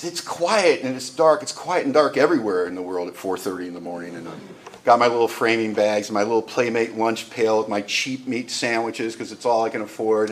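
A man sharing his recovery story at a meeting, telling it as an animated storyteller who acts out the voices in his quotes. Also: medium pitch, a little hiss or hum.

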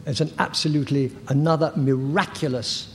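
Older man telling a halting, candid story. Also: a little high, steady tone. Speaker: recovery meeting speaker. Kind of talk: personal testimony. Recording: echoey hall with faint noise.

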